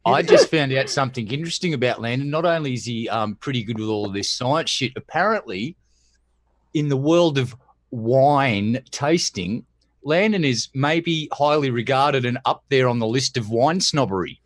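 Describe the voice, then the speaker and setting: A man's voice: medium pitch, expressive, normal speed, no echo. A man in a casual group video chat, wryly teasing a friend. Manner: wry, teasing storyteller.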